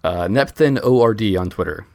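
A man's voice: fairly low pitch, expressive, normal speed, darkish tone, dry recording. A man speaking as a podcast guest in casual chat, joking and swearing freely.

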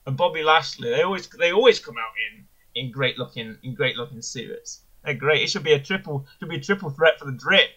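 A man's voice: a little high, animated, brisk, few pauses, pushed and bright, dull audio. A man co-hosting a casual review podcast, rambling enthusiastically and correcting himself as he goes. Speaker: podcast co-host. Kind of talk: casual wrestling review chat.

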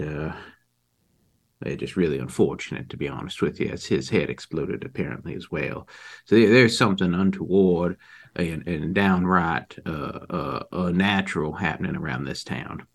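A man playing a cagey rural father questioned as a witness, speaking haltingly with many fillers and folksy turns of phrase. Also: low voice. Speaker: player character being questioned. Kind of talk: improvised tabletop role-play.

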